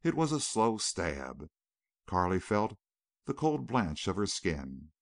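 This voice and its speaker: A man reading a novel aloud as an audiobook narrator, in a dramatic, expressive manner. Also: low-pitched, slow, no echo, studio quality. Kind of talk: scripted narration.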